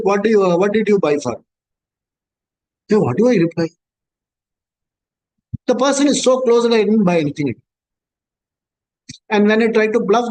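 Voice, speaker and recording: A middle-aged man with an Indian accent teaching scripture in a conversational way, slowly chanting Sanskrit verses between everyday examples. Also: high-pitched, darkish tone, poor audio. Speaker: spiritual teacher. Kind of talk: scripture class talk.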